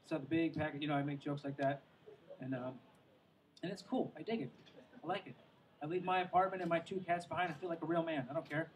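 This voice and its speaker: A man with a high voice performs a stand-up set at an outdoor show by the water. He rambles and pokes fun at himself, trailing off into asides. The recording picks him up from a distance, with a faint wash of noise behind him. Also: steady tone, fast. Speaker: stand-up comedian.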